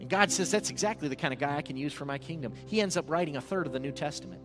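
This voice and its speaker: A man preaching a sermon as pastor, moving from hushed, intimate passages to loud exhortation and calling on the congregation to repeat after him. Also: on the high side, expressive, racing, few pauses, faint music behind. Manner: repeats words, calls on the congregation to respond.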